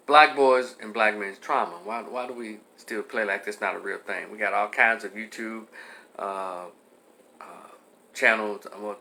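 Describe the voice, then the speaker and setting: Animated bright-voiced man in his fifties. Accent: Memphis Southern US. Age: 50s. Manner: animated storytelling, drops to low earnest tone. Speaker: commentator. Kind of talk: storytelling monologue.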